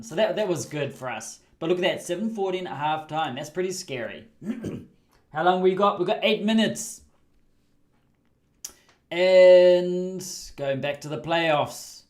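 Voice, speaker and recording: Chatty New man with high pitch. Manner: chatty, laughs often, excited asides. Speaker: livestream host. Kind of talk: casual game commentary.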